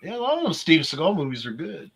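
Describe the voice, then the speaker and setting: A man's voice: on the high side, big pitch swings, fast talker, creaky, a bit bright. A man chatting casually as a podcast guest, eager and talkative. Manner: chatty, enthusiastic about retro games.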